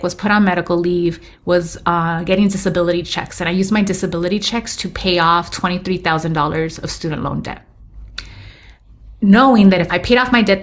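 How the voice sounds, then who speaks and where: A woman in her thirties, a podcast guest telling her story candidly and slipping into Spanish phrases. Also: medium pitch. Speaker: podcast guest, business owner. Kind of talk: casual interview storytelling.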